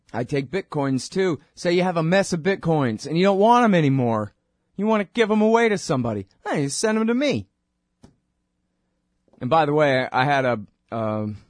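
A man's voice: medium pitch, no room sound, clean studio sound. A man hosting his own radio show, rambling informally and wryly between plugs. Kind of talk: casual monologue with plugs.

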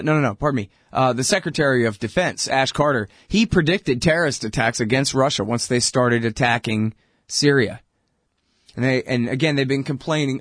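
A man's voice: medium pitch, dry recording. A man hosting a radio commentary show, talking in a sarcastic, conversational and emphatic way into a close mic. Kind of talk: political commentary monologue.

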